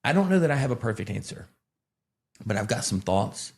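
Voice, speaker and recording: A man from Alabama, a pastor in casual conversation who rambles and tells animated stories with self-deprecating humor. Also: medium pitch, brisk, gravelly. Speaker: pastor and podcast co-host.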